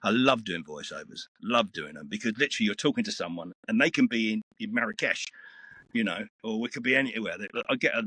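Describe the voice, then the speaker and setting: A man in his sixties with a deep voice, a voice-over actor chatting casually in an interview, relaxed and rambling with many fillers. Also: quick pace, breathy edge, no room sound. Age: 60s. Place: small home recording booth. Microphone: headset.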